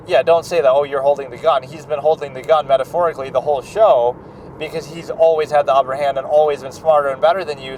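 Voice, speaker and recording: A man's voice: medium pitch, a little hiss or hum, low-quality recording. A man giving casual film commentary in a rambling way, with many "like"s and restarts. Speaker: film critic.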